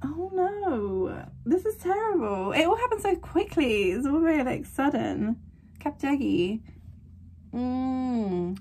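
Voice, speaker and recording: A woman hosting a casual anime reaction, excitable and gasping, swinging between squeals and quiet murmurs. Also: sits high, slow, slight background noise. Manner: excitable, gasping, frequent exclamations. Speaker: anime reaction channel host.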